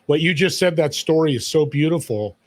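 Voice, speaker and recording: A man's voice: a little high, animated, brisk, no echo. A man on a podcast as a guest, talking in an emphatic, storytelling way about serving others. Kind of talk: motivational interview talk.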